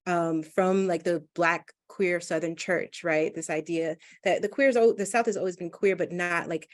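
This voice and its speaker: A woman's voice: on the low side, steady tone, normal speed. A woman moderating a Q&A, talking in a chatty way with many fillers. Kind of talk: casual interview hosting.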